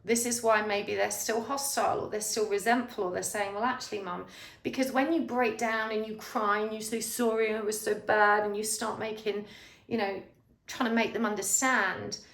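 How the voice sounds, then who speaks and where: A woman reads tarot for her viewers and talks straight to them, earnest and reassuring, at a middling pitch. Her voice carries a noticeable echo, as if she is recording in a bare room. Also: gravelly. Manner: earnest, reassuring advice, speaks straight to the listener. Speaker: tarot reader. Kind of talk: pick-a-card tarot reading, direct address to viewer.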